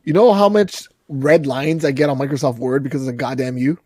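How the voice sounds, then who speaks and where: A man from Canada co-hosting a podcast, trading quick teasing banter in casual chat. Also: medium pitch, a little mellow, breathy edge, no room sound, clean studio sound. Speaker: podcast co-host.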